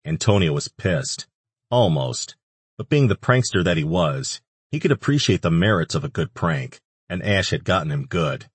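A man narrating an audiobook in a measured, even reading. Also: low voice, breathy edge, dry recording. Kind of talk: scripted narration.

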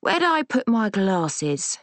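A woman's voice: mid-range voice, sing-song, slow pace, no echo, pitched above the performer's own voice. A woman putting on a puzzled old Cockney gran. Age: older. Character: forgetful old Cockney grandmother.

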